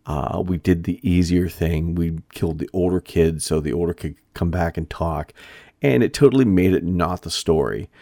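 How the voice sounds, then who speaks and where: A man with a very low, deep voice talks through a casual review monologue, rambling and restarting his sentences often. The sound is dry and close, with no room echo. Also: normal speed, creaky, mellow. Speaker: shop owner and podcast host.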